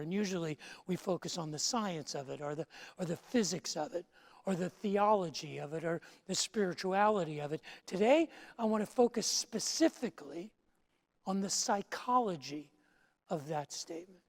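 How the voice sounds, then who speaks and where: A pastor preaching a sermon in a church, moving from quiet, measured teaching to loud, emphatic declarations. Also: mid-range voice, creaky.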